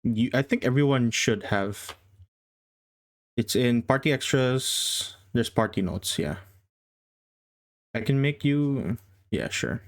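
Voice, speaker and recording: A man narrating as game master for a tabletop campaign, with a slow, hesitant delivery and occasional fillers. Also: mid-range voice, lively intonation.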